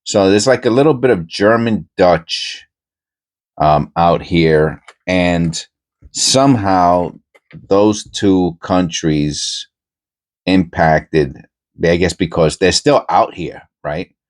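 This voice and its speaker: A middle-aged man with a New York accent softened toward Pennsylvania talk, chatting casually and meandering with many pauses while he searches coin rolls. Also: sits low. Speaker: coin roll hunting host. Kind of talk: casual rambling chat while searching coins.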